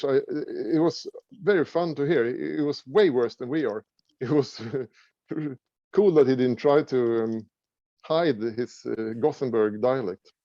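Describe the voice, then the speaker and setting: A middle-aged man from Sweden with a Swedish accent, talking casually as an interview guest, halting with many fillers and restarts. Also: medium pitch, dark tone, no room sound, muffled recording. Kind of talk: casual conversation.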